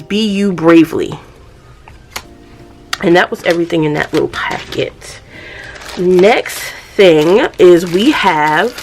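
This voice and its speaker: Woman, lowish voice, casual unboxing vlogger, friendly chat to camera. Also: slight background noise. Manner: chatty, addresses viewers as y'all.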